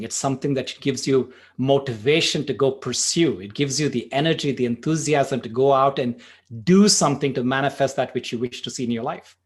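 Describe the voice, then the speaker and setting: A man teaching a meditation workshop, talking conversationally and telling stories, often saying "you know". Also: mid-range voice. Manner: conversational, frequent "you know", spurts of speed. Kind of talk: workshop talk with storytelling.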